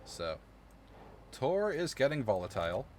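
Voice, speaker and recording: A man's voice: mid-range voice, very animated, measured pace, slight background noise. A man streaming a game live, commenting casually with swearing and frequent laughter. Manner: casual, profane, laughs often.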